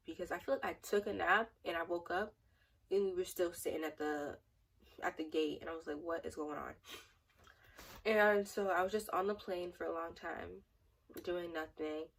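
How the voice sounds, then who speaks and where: A young woman tells a rambling, chatty story in a casual vlog, full of "like" and restarts. Her voice sits a little low and sounds husky, and she is set back from the mic. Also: far from the mic, low-quality recording. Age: young adult. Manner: rambling, chatty, lots of fillers. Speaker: vlogger.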